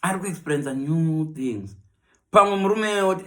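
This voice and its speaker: A man with a Zimbabwean accent delivers a comic monologue. His voice sits a little high and swings up and down a lot as he moves between Shona and English and acts out his characters. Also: animated, brisk, bright, forceful tone. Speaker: comedian.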